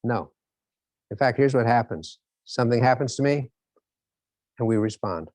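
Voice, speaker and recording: A man with a mid-range voice gives a motivational lecture at a normal speed, with no echo in the audio. He is an animated storyteller who acts out scenes as he goes.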